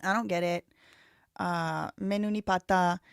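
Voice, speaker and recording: A woman's voice: lowish voice, fairly even intonation, measured pace, vocal fry, clean tone, no echo, studio quality. A woman in her thirties hosting a live stream, rambling casually and thinking aloud with lots of "like" fillers. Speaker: livestream host.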